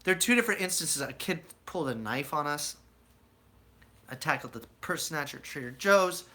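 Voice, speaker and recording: A man's voice: a little high, normal speed. A young American man casually telling a rambling life story to his viewers, acting out voices as he goes. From United States. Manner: rambling, animated storyteller who acts out quoted voices. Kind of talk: casual storytelling to a live chat.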